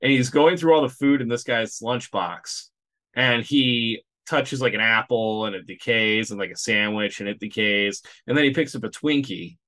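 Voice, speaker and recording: Guy rambling on a movie podcast, lots of likes and ums, mid-pitched, just chatting. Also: normal speed. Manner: rambling, animated, many fillers. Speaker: podcast co-host. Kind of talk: casual movie review chat.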